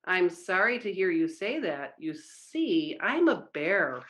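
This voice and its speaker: A woman voicing a sleepy, puzzled male bear who softly insists he is a bear. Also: on the low side, big pitch swings, slow, full character voice. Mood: pleading.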